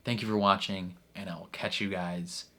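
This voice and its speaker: Chatty low-voiced man reacting casually. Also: steady tone, normal speed, bright, forceful tone. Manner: chatty, full of fillers, laughs often. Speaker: reaction video host.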